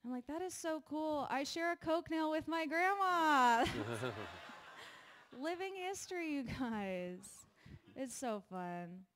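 A woman's voice: sits high, animated, slow pace, fairly bright tone, slight background noise. A young woman doing a stand-up comedy set on a live stage, chatty and self-deprecating, laughing between her jokes. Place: live venue with an audience.

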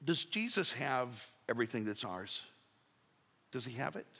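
A man's voice: medium pitch, very animated, a little slow, gravelly, sharp tone, husky. A male pastor preaching a sermon in a folksy, conversational way, acting out little quotes. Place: church sanctuary. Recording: reverberant church sanctuary.

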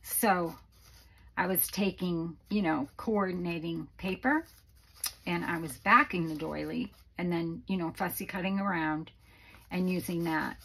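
A woman's voice: lowish voice, measured pace, a bit bright, breathy edge, rough recording. A woman hosting a casual craft tutorial from her home craft room, chatty and rambling with many fillers, a little out of breath. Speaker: craft channel host.

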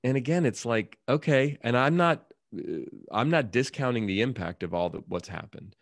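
A man's voice: medium pitch, animated, moderate pace, dry recording, studio quality. A middle-aged man, an author and speaker, telling a personal story in an interview in an earnest, reflective way and acting out dialogue.

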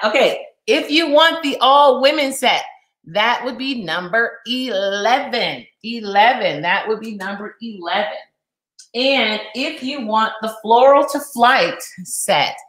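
A woman's voice: medium pitch, fairly bright tone. Playful woman host in an echoey room. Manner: sing-song, theatrical introductions. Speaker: livestream host. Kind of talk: playful online sales show.

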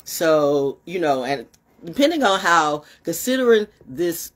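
A woman talking casually to her camera in a rambling monologue, swinging from high exclamations to low muttering and swearing freely. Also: very animated, unhurried, background noise. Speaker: vlogger.

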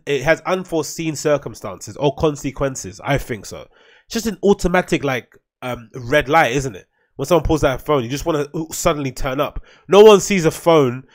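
A man talks through his solo podcast in a loose, rambling way, swearing freely and laughing at what he finds. His voice sits a little higher than most men's. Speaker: podcast host.

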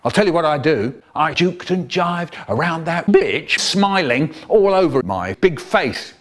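A man telling a comic children's story in an expressive, performing way, cut up and remixed. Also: on the high side, a little slow.

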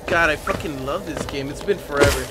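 A man streaming a video game live, chatting casually and excitably and swearing often, sounding tired. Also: a little high, fairly quick, heavy background noise. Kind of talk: casual live gameplay commentary.

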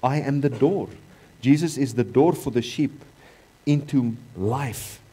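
A South African man delivers a sermon in a church with a mid-range voice. He repeats his key lines for emphasis and moves between loud, rising passages and quieter, lower ones. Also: unhurried, slight background noise. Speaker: pastor.

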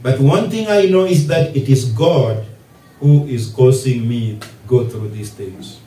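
A Kenyan-accented pastor preaches an expository sermon from scripture, his mid-range, dark-toned voice unhurried as he repeats emphatic phrases with rising force. He's captured from a distance in an echoey church hall.

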